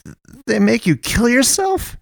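A man voicing a young man in shock, panicking and sobbing in a high, strained voice, within a narrated story. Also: a little fast, vocal fry, warm tone, no room sound, clean studio sound. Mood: panicked, sobbing.

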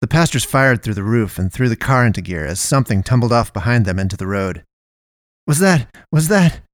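Male narrator, lowish voice, measured storytelling, dry close mic. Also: dry recording. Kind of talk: audiobook-style story narration.

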